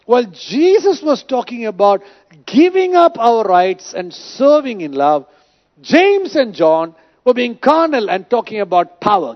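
High, lively male preacher. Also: a little slow, highs cut off. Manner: emphatic, preaching with rhetorical questions. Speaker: pastor. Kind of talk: sermon.

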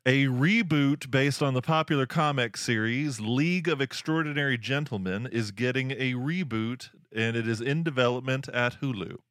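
A man's voice: mid-range voice, normal speed, few pauses, fairly bright tone, no echo, clean studio sound. A man hosting a casual podcast, joking with his co-hosts and rambling with fillers. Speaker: podcast host.

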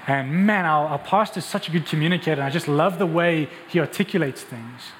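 A man preaching with a fairly high voice, pressing his points with rhetorical questions and quick restarts. His voice rings with a long reverb through a large church hall, over a faint ambience. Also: slight background noise. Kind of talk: sermon.

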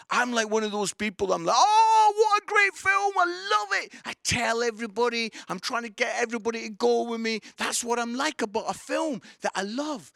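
High, gravelly preacher man. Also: no echo, studio quality. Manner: enthusiastic, swings between excited outbursts and soft pleading. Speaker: pastor. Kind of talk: sermon to an online audience.

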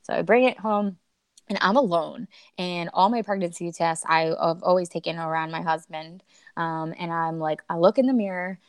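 A woman's voice: lowish voice, normal speed, clean tone, dry recording. A young woman, a podcast guest, telling a personal story in a chatty way, often quoting herself.

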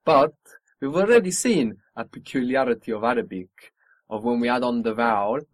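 A man's voice: medium pitch, expressive, no echo. Man, language teacher, patient, encouraging, dry close sound. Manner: patient, encouraging, models pronunciation slowly. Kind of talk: spoken language lesson.

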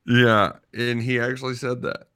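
A man's voice: medium pitch, little pitch movement, normal speed, bright, forceful tone, clear, resonant tone. A young man co-hosting a sports radio show from a studio, rambling casually with lots of "like" and "you know". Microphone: studio microphone.

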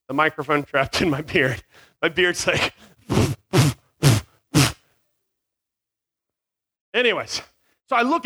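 A man telling a funny story to an audience, animated and self-mocking, acting out sounds, with a small mic near his beard. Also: on the high side.

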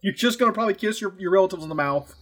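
A man's voice: high-pitched, expressive, rapid-fire, a bit bright. A man co-hosting a podcast, talking in brash, teasing banter and swearing freely. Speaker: podcast co-host. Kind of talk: casual profane banter.

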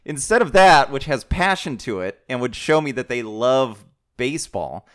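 A man's voice: medium pitch, very animated, moderate pace, a bit bright. A man co-hosting a casual chat, criticizing a movie in an exasperated, ranting way. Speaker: podcast co-host.

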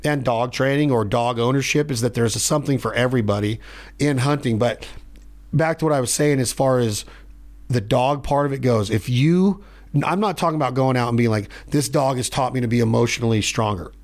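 A man hosting a podcast in a studio, telling stories in a rambling, animated way. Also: mid-range voice, a little fast. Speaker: podcast host. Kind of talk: casual chat.

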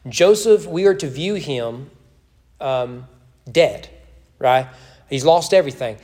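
A man's voice: medium pitch, lively intonation, slow pace, darkish tone. A man leading a church Bible study, teaching in a conversational way with joking asides.

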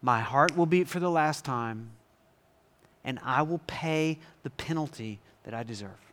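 A man voicing a condemned male prisoner's resigned inner thoughts, quiet, slow and brooding. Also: medium pitch, voice pushed down, close to an everyday voice. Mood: resigned, despairing. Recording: long reverb in a large hall.

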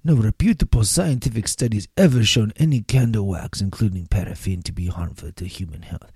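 A man reading out a spokesman's statement in a deliberately bad mock French accent. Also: lowish voice, a little mellow, breathy edge, no room sound, studio quality. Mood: haughty.

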